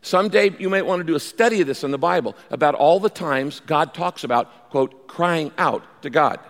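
A man preaching as pastor, animated, acting out pleading prayers and telling stories to his congregation. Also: fairly high pitch, normal speed, big-room sound. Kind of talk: sermon.

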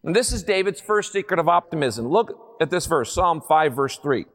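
Guy preaching a sermon, pretty high voice, jokey and lively, lots of questions at the crowd, long echo like a big church. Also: normal speed. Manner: lively, humorous, full of rhetorical questions. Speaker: pastor. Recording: long hall reverb.

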